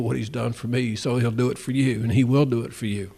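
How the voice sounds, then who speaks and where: A man's voice: medium pitch, steady tone, quick pace, creaky, warm tone, breathy edge. Man telling a faith testimony. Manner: storytelling, acts out both sides of dialogues. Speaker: Christian testimony speaker. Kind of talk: spoken testimony.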